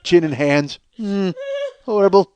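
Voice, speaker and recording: A man's voice: mid-range voice, brisk. A man in his forties from Chicago, hosting a comedy podcast and telling a long, rambling, profane story. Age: 40s. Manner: rambling, profane, animated when worked up.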